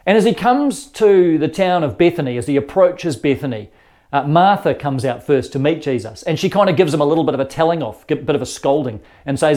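A pastor preaches in an earnest, conversational manner, telling the story as if chatting with his congregation and often repeating words mid-thought. His voice is a little high but mellow and soft-edged, with lively intonation and a fairly quick pace.

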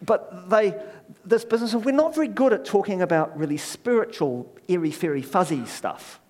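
A man's voice: sits high, lively intonation, moderate pace, darkish tone. A middle-aged man preaching a sermon, telling stories with wry, self-deprecating asides.

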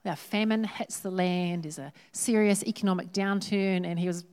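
A woman who preaches a sermon in a lively, humorous, conversational way. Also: on the low side, moderate pace, clear, resonant tone.

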